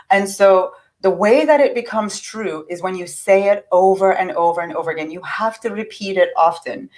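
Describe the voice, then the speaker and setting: A woman's voice: mid-range voice, rough recording. A middle-aged woman giving a casual, earnest teaching talk on affirmations. She is encouraging and often restarts her sentences.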